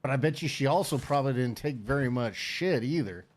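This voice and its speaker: A man's voice: medium pitch, expressive, fairly quick. A middle-aged man hosting a game stream, chatting casually with blunt, profane rambling. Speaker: streamer host.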